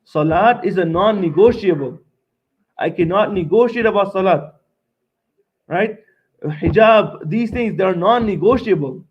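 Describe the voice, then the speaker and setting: A young man lectures a seminar audience in a fairly high voice, pressing each point and circling back to repeat it. He keeps checking in with a quick "right?" between lines. The recording is dull and lo-fi. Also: breathy edge. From Montreal, Canada.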